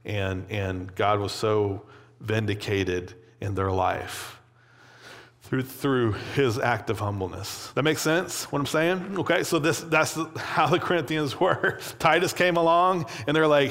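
A man's voice: on the low side, measured pace. A man preaching a sermon in a loose, conversational way, often checking in with "right?" and acting out quoted voices. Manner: conversational, animated, frequent "right?" asides. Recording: long hall reverb.

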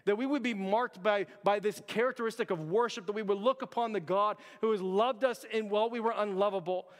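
A man's voice: sits high, fairly quick, big-room sound. A pastor preaching an earnest, conversational sermon to his church, often addressing the congregation directly.

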